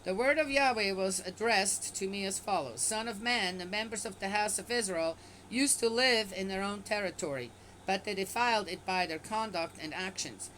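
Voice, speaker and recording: A woman at an ordinary middle pitch reads scripture aloud, then breaks off to pick it apart in casual asides. Her tone is skeptical and offhand. A faint noise hangs in the background. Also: normal speed, fairly bright tone, rough recording. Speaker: bible reader and commentator. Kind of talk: casual scripture reading with commentary.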